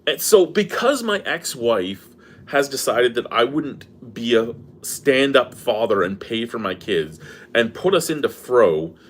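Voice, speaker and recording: A man's voice: medium pitch, big pitch swings, a little slow, a bit bright. A middle-aged man in an angry personal rant, swearing and exasperated as he vents. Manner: profane, exasperated, venting. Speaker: beer review vlogger.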